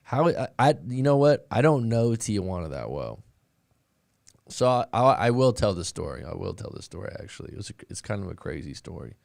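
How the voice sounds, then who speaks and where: A man's voice: fairly low pitch, big pitch swings, brisk, gravelly, a little mellow, dry recording, studio quality. A man hosting a breakup coaching podcast, chatting casually with his live audience and telling a rambling story full of restarts, calling listeners "boss man.".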